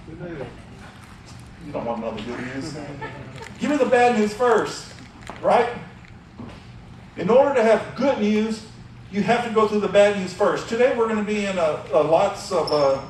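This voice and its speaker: A man's voice: sits high, darkish tone, a little hiss or hum. A man giving a casual, conversational sermon as youth pastor. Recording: echoey room from far off.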